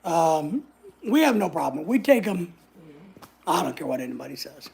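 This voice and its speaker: A woman's voice: deep voice, very animated, normal speed, vocal fry, a little mellow, breathy edge. A woman, telling a story in a casual vlog, sassy and blunt, swearing freely. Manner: sassy, blunt, swears freely, acts out other people's lines. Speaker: vlogger.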